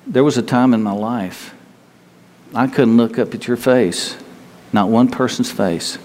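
Halting conversational male preacher. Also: medium pitch, a little mellow, in a large hall. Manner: conversational, halting with repeated restarts. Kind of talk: sermon.

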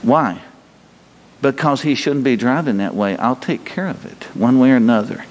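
A male pastor delivers a conversational sermon, asking his listeners questions and answering in God's voice at a slower, softer pace. His voice sits at an ordinary middle pitch. The sound carries the long reverb of a large hall. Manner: conversational preaching, voices God's replies in a slow gentle tone.

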